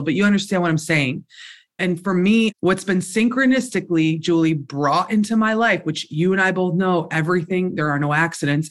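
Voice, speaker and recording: An excitable podcast host who talks with emphatic, effusive energy. The delivery gushes and spills over with enthusiasm as the host responds. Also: medium pitch. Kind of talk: podcast interview.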